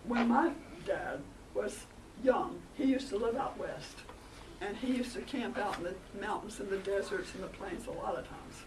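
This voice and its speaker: A woman telling a story aloud to a group of children in an animated, expressive way. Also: mid-range voice, normal speed. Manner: animated, expressive, warm with listeners. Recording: distant mic, noisy room.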